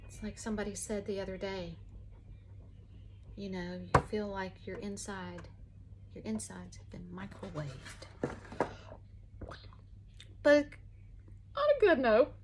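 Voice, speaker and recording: A woman's voice: mid-range voice, slow, long pauses, heavy background noise. A woman, chatting casually in a folksy, rambling way while doing her makeup at home. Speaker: vlogger.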